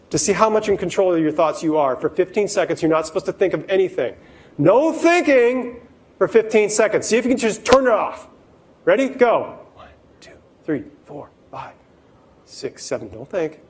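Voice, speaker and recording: A man's voice: high-pitched, a little mellow, rough recording. A man giving a keynote talk to a live audience. He speaks straight to the listeners and acts out the voices he quotes.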